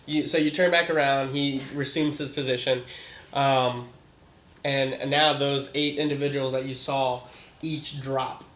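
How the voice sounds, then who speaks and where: A man's voice: medium pitch, fairly even intonation, measured pace, fairly bright tone. A man narrating as game master of a tabletop role-playing game, rambling with many fillers and restarts.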